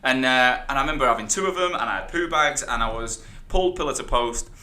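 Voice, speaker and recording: A man's voice: mid-range voice, animated, quick pace, pushed and bright. A man hosting a podcast, chatting in a friendly, enthusiastic way with his guest. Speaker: podcast host. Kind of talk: casual interview chat.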